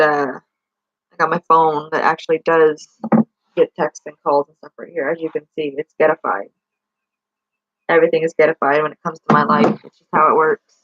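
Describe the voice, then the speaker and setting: A woman's voice: low-pitched, no room sound, dull audio. A woman chatting casually on a livestream, rambling and correcting herself as she greets viewers and asks them questions. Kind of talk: casual live-stream chat. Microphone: laptop or phone mic.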